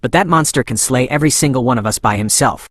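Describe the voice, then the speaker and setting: A man's voice: medium pitch, fast, dry recording, studio quality, lightly acted. A man reading a ruthless martial arts master. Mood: dismayed. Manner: angry, shouting taunts.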